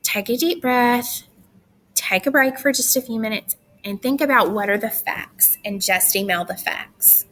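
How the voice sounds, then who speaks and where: Bright-voiced woman teacher, chatty and firm. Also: on the high side, unhurried, slight background noise. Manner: chatty, firm, with teasing asides. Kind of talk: recorded class instructions.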